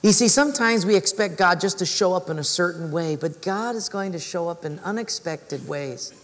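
A male preacher telling a story in a sermon, animated and acting out voices. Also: high voice, normal speed. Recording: reverberant hall.

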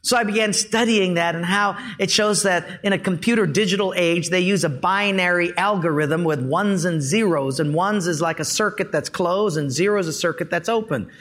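A man preaching a sermon, talking in an animated, folksy storytelling way. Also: high-pitched, normal speed, few pauses. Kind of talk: sermon with a told joke.

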